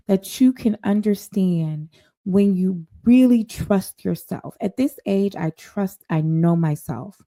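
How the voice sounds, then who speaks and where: A woman's voice: mid-range voice, lively intonation, slow, mellow. A woman hosting a talk show, telling a story in a sassy, confident, emphatic way. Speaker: podcast host. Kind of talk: storytelling monologue.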